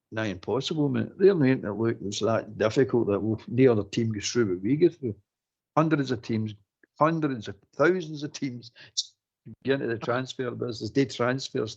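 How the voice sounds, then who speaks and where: A Scottish man on a fan phone-in, his voice gravelly and husky. He rants in animated, exasperated bursts over dull, lo-fi audio. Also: medium pitch. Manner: animated, exasperated ranting with laughs. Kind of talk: casual football chat.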